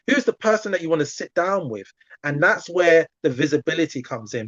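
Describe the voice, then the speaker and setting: Casting: male coach in a chatty video-call masterclass, slightly high voice, dull dry sound. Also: no room sound. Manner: chatty, animated, acts out examples. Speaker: community coach.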